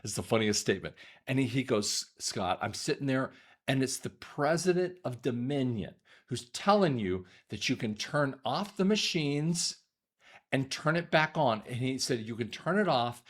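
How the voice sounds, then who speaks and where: A man, an audiologist, giving a rambling monologue commentary to his viewers, often repeating words, restarting sentences and clearing his throat. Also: mid-range voice, lively intonation, normal speed.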